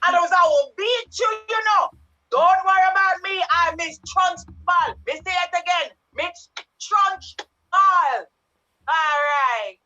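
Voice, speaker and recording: A woman's voice: very high-pitched, takes it slowly, pushed and bright, lo-fi sound, exaggerated voice. A woman voicing a huge, tyrannical female headmistress in a put-on West Indian accent, bellowing threats in broken phrases. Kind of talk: improv comedy character. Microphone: video call.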